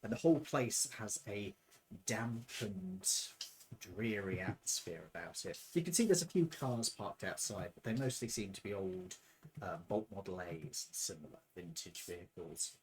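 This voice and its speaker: A man serving as game master, describing scenes in a relaxed, descriptive way. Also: low voice, moderate pace, slight background noise. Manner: descriptive, relaxed, with filler ums. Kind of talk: narrating a tabletop game.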